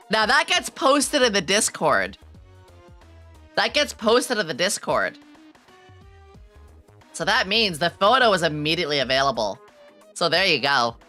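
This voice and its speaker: A woman in her thirties chatting casually on a stream, excitable and quick to break into squealing laughter. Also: fairly low pitch, faint music behind.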